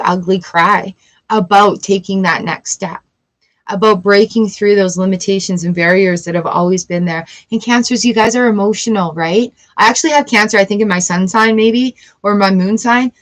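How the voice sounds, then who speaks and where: A woman giving a casual tarot reading, chatty and encouraging, with lively outbursts. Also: medium pitch, rough recording. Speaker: tarot reader.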